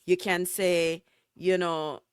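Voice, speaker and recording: A woman's voice: lowish voice, slow, clean tone, no room sound, studio quality. A woman from Jamaica with a Jamaican accent, co-hosting a casual review chat and slipping into patois phrases. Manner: animated, mixes in patois phrases. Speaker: co-host.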